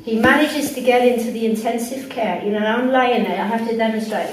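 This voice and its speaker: Woman telling a personal story to a room full of people, kinda high voice, lots of echo, mic way off. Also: brisk. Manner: animated, emotional, laughs between lines. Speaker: guest speaker. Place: indoor room with a group of people. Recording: echoey room, far from mic, faint noise.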